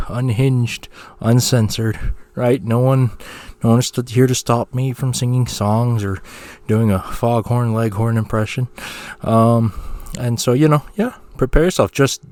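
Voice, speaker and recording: A man's voice: mid-range voice, a little mellow, no room sound. A man hosting a podcast alone, talking in a rambling, jokey way with many fillers and restarts. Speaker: podcast host. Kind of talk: solo podcast chat.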